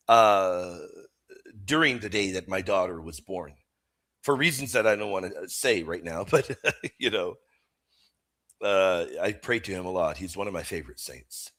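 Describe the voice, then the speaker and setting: A middle-aged man hosting a live stream, chatting with viewers and answering questions. His delivery is animated, and his pitch rises and falls a lot. His tone is bright and forceful. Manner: animated and emphatic, swings between loud exclamations and quiet asides. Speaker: host of a live Catholic apologetics stream. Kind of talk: livestream chat and Q&A.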